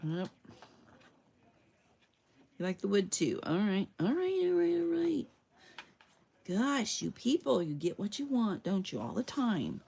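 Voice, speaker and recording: A woman's voice: mid-range voice, big pitch swings, unhurried, creaky, long pauses, warm tone, a little hiss or hum. A chatty woman crafting on a stream. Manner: chatty, talks to herself while working. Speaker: crafting livestreamer. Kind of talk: casual crafting chat to viewers. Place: her home loft.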